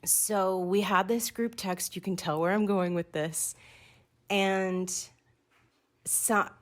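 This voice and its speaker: A woman hosting her own podcast, talking to listeners in a chatty, excitable, self-deprecating way. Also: mid-range voice, slow. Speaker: podcast host. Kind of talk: casual solo podcast talk.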